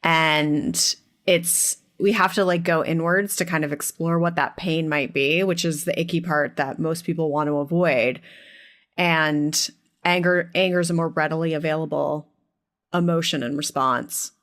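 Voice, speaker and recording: Woman host, thoughtful conversational podcast talk, slightly low voice. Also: fairly even intonation, unhurried, fairly bright tone. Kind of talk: podcast interview.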